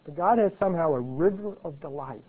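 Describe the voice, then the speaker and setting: Male preacher, high voice, chatty teaching sermon, thin phone-line sound. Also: lively intonation, fairly quick. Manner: conversational teaching, frequent "okay" and "right". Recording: tinny phone-like audio.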